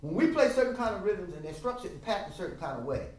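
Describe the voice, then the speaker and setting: An older man teaching a music masterclass, animated and emphatic, singing out rhythms with drum sounds in a classroom. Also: high-pitched, quick pace. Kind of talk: masterclass lecture. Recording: roomy sound from a distant mic.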